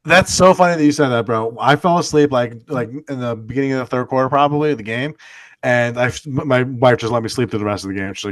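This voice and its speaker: A man's voice: mid-range voice, fast talker, no echo. Profane man arguing football. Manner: swearing, animated arguing. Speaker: podcast co-host. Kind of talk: casual sports chat.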